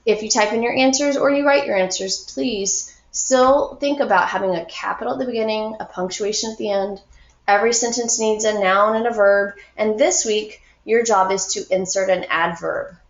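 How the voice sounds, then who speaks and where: A woman's voice: medium pitch, roomy sound, muffled recording. Patient woman teaching young kids. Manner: patient, encouraging, slow and clear explaining. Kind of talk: recorded grammar lesson for young students.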